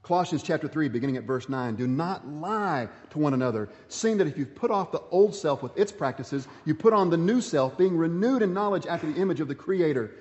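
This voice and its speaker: Pastor guy preaching a sermon, kinda high voice, muffled lo-fi sound, big church echo. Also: lively intonation, a little fast, few pauses, a little mellow. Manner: preaching with emphatic repetition, reading scripture aloud.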